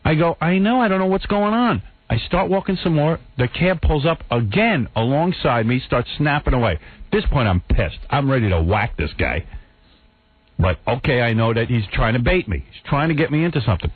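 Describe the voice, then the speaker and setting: A man's voice: mid-range voice, lively intonation, fairly quick, breathy edge, dry recording. A man hosting a radio show, telling a story in a casual New way and acting out the quotes. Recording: dry, tinny phone-like radio audio.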